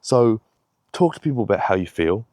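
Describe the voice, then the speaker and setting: A man's voice: fairly low pitch, sing-song, moderate pace, mellow, no room sound, clean studio sound. A young man giving a rambling, heavily profane pep talk in a casual vlog, a little out of breath. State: slightly out of breath. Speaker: fitness vlogger.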